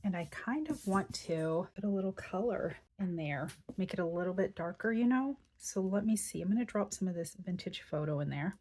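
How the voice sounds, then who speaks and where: Brief: woman craft host, lowish voice, relaxed chatty walkthrough at her table. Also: normal speed, few pauses, a little hiss or hum. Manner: chatty, thinks aloud while working. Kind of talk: casual craft tutorial.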